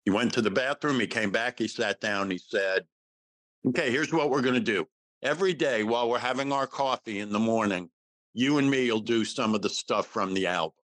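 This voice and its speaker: A man's voice: medium pitch, fairly quick, a bit bright, no echo, rough recording. A man in his sixties, a guest actor in a casual interview, telling a story and acting out the quoted dialogue.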